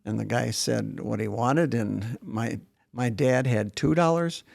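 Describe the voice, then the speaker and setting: A man in his seventies from northern South Dakota, German his first language, recounts his life as an interview guest in a leisurely, reminiscing conversation with frequent restarts. His mid-range voice is creaky and a little mellow, moving at a measured pace. The clean studio recording has no room sound.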